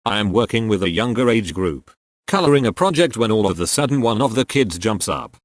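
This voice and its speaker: A man reading short anecdotes aloud in a steady, matter-of-fact way. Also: lowish voice, fairly quick, no room sound, studio quality. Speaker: narrator reading online posts.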